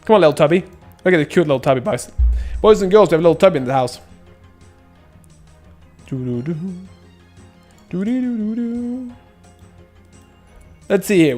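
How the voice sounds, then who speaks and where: A man's voice: fairly high pitch, animated, fast, darkish tone. A young man doing casual gameplay commentary, rambling and joking as he reads chat. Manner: joking, rambling, laughs often, silly sound effects. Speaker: streamer. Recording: faint music behind.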